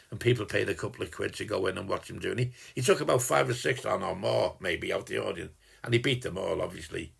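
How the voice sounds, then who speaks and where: A man's voice: mid-range voice, gravelly, fairly bright tone, slightly rough. A man with a Liverpool accent recording a rambling, teasing personal message to one listener, dropping in mild swearing as he goes. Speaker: sender of a personal video message.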